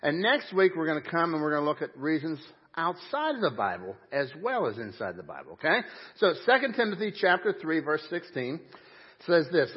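A man's voice: fairly high pitch, husky. A man pastor preaching a sermon in church, emphatic with folksy asides and audible huffing breath. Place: church sanctuary. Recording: dull muffled audio.

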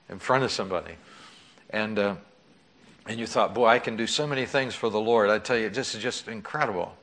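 A man's voice: lowish voice, fairly bright tone. A man preaching a sermon in a conversational way, with frequent fillers and restarts. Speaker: pastor.

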